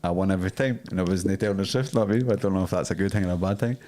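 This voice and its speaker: Deep-voiced man telling a story. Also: rapid-fire, a little mellow. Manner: loose storytelling, full of "like". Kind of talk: casual chat.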